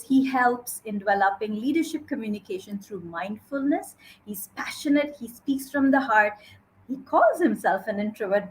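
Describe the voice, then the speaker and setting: A woman's voice: a little high, low-quality recording. A woman hosting a live talk show, introducing her guest with bubbly enthusiasm. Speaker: host.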